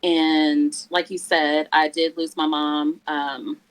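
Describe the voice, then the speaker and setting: A woman's voice: low-pitched, flat delivery, rough recording. Earnest woman sharing a hard story. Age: 40s. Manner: earnest, halting, emotional. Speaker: guest. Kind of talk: candid personal story in a church interview.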